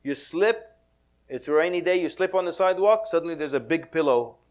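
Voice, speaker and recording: A man giving a lively, joking talk to an audience at a mosque, mixing in Arabic words and acting out quotes. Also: fairly high pitch, brisk. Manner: animated, playful, drops Arabic words, laughs often. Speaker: Muslim speaker giving a talk.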